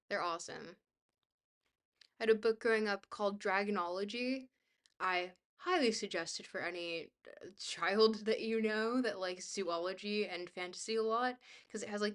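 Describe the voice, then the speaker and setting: A woman from Scotland, streaming live, speaks at a moderate pace in a mid-range, fairly bright voice. She's bubbly and rambling as she reads out chat and thanks viewers often, her sentences trailing into filler words.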